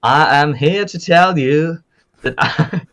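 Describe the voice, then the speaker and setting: A man's voice: a little high, takes it slowly, a bit bright, voice pushed up. A man voicing a cocky southern cowboy with an American Southern accent, stammering a little as he talks. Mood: boastful.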